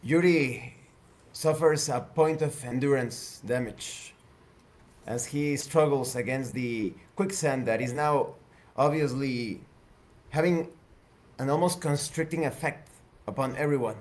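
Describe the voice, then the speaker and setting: A man narrating a tabletop science fiction game as game master, calm and measured. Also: mid-range voice.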